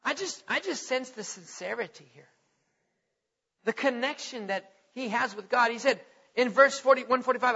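A man preaching a sermon who reads scripture aloud and asks his listeners direct questions, swinging between soft questioning and loud, earnest declaring. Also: extremely high pitch, moderate pace, husky. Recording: echoey hall, dull lo-fi sound.

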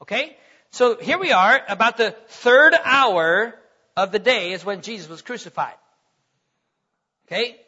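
A man's voice: high voice, expressive, measured pace, long pauses, sharp tone, husky. A man preaching a teaching sermon in a conversational way, stopping often to check that the listeners follow. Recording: dull lo-fi recording.

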